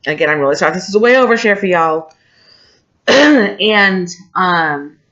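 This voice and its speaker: A woman's voice: lowish voice, a bit bright. Woman in her 40s oversharing on her vlog, emotional and rambly, kinda muffled lo-fi audio. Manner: candid, emotional, rambling with restarts. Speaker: vlogger. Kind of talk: personal confessional vlog. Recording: dull lo-fi home recording.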